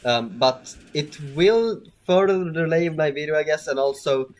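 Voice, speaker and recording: A man's voice: a little high, unhurried. A man giving casual let's-play commentary, rambling and hesitant with frequent stammers and restarts. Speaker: gameplay commentator.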